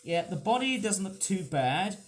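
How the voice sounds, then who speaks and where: A man's voice: sits high, sing-song, moderate pace, soft background music. A man reviewing toys in a rambling, self-mocking unboxing chat. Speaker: toy reviewer.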